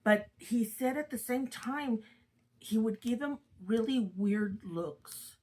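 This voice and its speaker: A woman's voice: a little high, takes it slowly, low-quality recording. Chatty older woman telling a ghost story. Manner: chatty, dramatic retelling with rising excitement. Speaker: storyteller host. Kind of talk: casual spoken ghost story.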